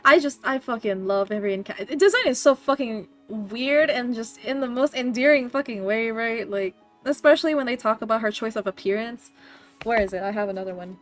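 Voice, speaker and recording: A woman streamer hosting a book club, chatting casually, excitable and swearing freely. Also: a little high, a little fast, faint music behind. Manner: excitable, swears a lot, loud laughing outbursts. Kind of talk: casual chat.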